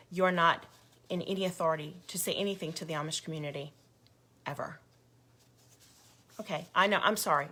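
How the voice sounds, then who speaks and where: Woman ranting in a video update, bright voice, keeps hammering the same points. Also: sits low, fairly quick, long pauses. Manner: indignant, emphatic, repeats herself. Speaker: grassroots group leader.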